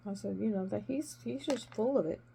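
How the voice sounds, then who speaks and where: Gravelly-voiced woman telling a story. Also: medium pitch, brisk, slight background noise. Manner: animated, emphatic retelling of conversations. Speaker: crafting vlogger, former nurse. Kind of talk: casual storytelling while crafting.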